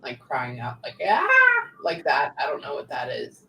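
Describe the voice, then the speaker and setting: A woman's voice: a bass voice, little pitch movement, a bit bright. Echoey, far-off woman giving a psychic reading. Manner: relays messages in bursts, often pausing with "hang on". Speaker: psychic medium. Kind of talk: live reading session. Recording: echoey room, distant mic, faint background noise.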